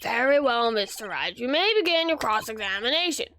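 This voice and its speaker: A woman voicing a stern older male judge with slow, deliberate pronouncements. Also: on the high side, expressive, pushed and bright, dry recording.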